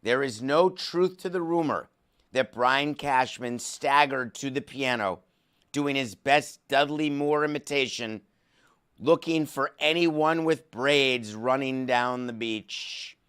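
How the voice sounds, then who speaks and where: A man's voice: mid-range voice, slow pace, a bit bright, smooth. Sarcastic sports podcast host, a man. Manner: sarcastic, comic asides. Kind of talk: monologue.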